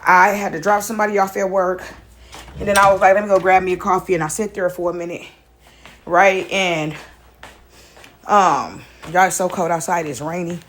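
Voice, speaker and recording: A woman's voice: fairly low pitch, fairly even intonation, normal speed, long pauses, a bit bright, a little hiss or hum. A woman, out of breath, chatting casually in a spiritual vlog and often asking "right?". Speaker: vlogger. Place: in a house with her dog.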